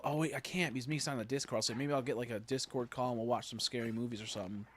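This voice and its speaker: A young man casually chatting on a game livestream, rambling and joking, jumping from loud bursts to low mutters. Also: a little hiss or hum. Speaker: streamer. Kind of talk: casual livestream chat while gaming.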